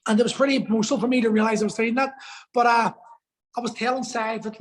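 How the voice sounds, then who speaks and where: A man's voice: very high voice, fairly even intonation, fast talker, rough recording. A man telling a personal story as a podcast guest, earnest and emotional, swearing for emphasis.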